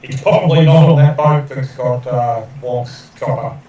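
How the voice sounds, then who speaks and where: A man's voice: mid-range voice, normal speed, mellow. A man playing in a tabletop game, explaining rules with false starts. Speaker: player. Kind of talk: casual tabletop game chat. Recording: echoey distant mic with faint noise.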